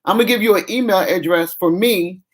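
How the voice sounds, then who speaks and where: A woman's voice: mid-range voice, a little fast. A middle-aged woman, venting frankly in a casual vlog chat. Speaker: vlogger.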